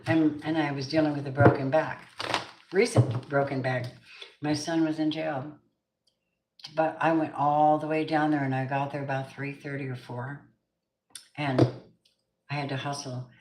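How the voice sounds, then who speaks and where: A woman's voice: deep voice, flat delivery, normal speed, pauses often, roomy sound, background noise. A middle-aged woman giving an emphatic live tarot reading, chatting with her viewers by name. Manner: emphatic, repeats affirmations. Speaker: tarot reader. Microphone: camera mic on a live stream.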